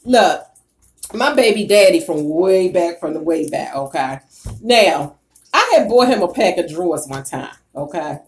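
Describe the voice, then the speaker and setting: Animated, profane woman ranting to viewers. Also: lowish voice, measured pace. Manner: bursts of loud laughter. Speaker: YouTuber reading live chat. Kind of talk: casual live-stream rant.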